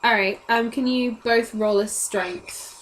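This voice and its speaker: A woman's voice: fairly high pitch, fairly even intonation, slow, rough recording. A woman, narrating casually as the game master of a tabletop game. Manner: casual, chatty, laughs often.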